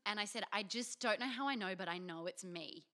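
Speaking a little fast, a young Australian podcast co-host recounts a frank, self-deprecating story in open, chatty style. Her voice sits mid-range, bright and forceful.

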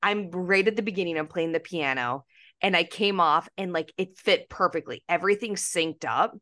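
A young woman talks through her story with a lowish voice, quick to laugh at herself. The sound is close and dry, with no room around it. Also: fairly bright tone, no echo. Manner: chatty, laughs often, self-deprecating. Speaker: guest. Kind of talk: casual interview storytelling.

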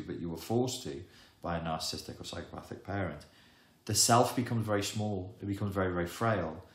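Deep-voiced man in an echoey room. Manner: emphatic, wry, with dramatic pauses. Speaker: self-help educator. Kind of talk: explanatory monologue to camera.

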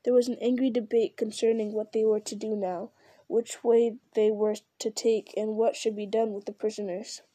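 A woman narrating an audiobook in a steady, even storytelling voice. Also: a little high, moderate pace, no room sound. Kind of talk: audiobook reading.

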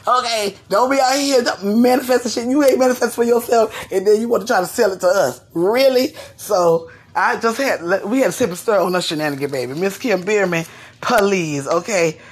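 A woman host, giving sassy, animated gossip commentary straight to her listeners. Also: medium pitch, a little fast, husky.

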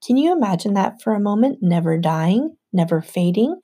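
A woman's voice: medium pitch, big pitch swings, moderate pace, slightly rough. A woman voicing a kindly, patient male teacher who speaks formally, in an audiobook. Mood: gentle. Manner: gentle and formal. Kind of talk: audiobook narration.

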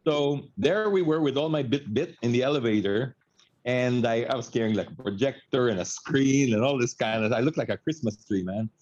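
A man from the Philippines, a radio host, telling a story in casual chat, animated and laughing, with Filipino words mixed in. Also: mid-range voice, brisk, muffled recording.

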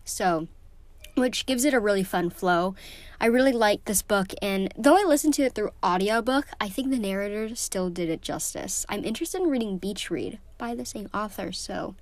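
A woman's voice: medium pitch, lively intonation, normal speed. A teenage girl talks casually to camera about books, gushing and emotional, her speech full of ums and likes. Her voice sits in a middling range, and the recording is dry and close with no room echo. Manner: gushing and emotional, many fillers. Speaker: book vlogger. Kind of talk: casual vlog chat.

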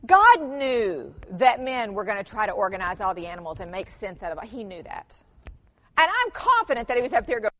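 A middle-aged woman giving a conference workshop talk, telling family stories with humor and lively emphasis. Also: medium pitch, a little fast. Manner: animated storytelling with humor, mixes in quoted voices. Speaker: conference speaker.

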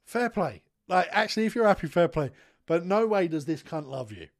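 A man in his thirties hosts a casual studio podcast. He talks in blunt, sweary, animated banter with a slightly high voice. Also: a little fast, creaky. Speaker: podcast host. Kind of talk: casual chat.

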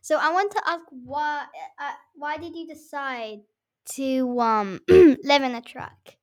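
A high-voiced woman asks an interview question. She speaks slowly and hesitantly, pausing between words. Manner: hesitant, halting. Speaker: guest questioner.

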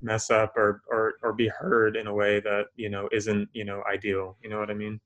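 A man's voice: lowish voice, completely flat delivery, moderate pace, fairly bright tone. A man co-hosting a podcast in a casual way, peppering his talk with "like" and "you know what I mean". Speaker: podcast co-host.

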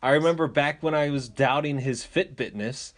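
A man co-hosting a casual chat, who talks in a wry, teasing way and reacts with lively interjections. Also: mid-range voice, normal speed. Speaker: podcast co-host.

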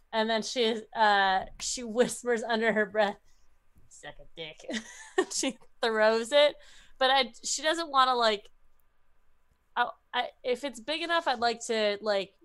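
A woman's voice: on the high side, slow, a bit bright, smooth. A woman playing a tabletop game, chatty and giggly, swearing casually as she describes her character's moves. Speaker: player.

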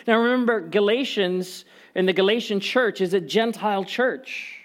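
Conversational preacher with a higher voice. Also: male voice, moderate pace, hardly any pauses. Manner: conversational preaching with personal stories and humor; emphatic, repeats key phrases. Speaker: pastor. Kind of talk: sermon.

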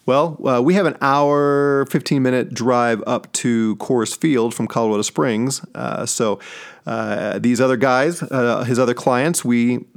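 A middle-aged man from St. Louis giving a Bible teaching on his podcast, stressing key words by slowing down or whispering them. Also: medium pitch, gravelly. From St. Louis, USA. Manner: emphatic, slows down and drops to a whisper on key words. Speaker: podcast host.

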